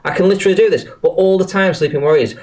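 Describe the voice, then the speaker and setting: A man's voice: high-pitched, very fast, a little mellow. A man hosting a livestream in casual talk, exasperated and swearing a lot, restarting his sentences often while working at his computer. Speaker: livestream host.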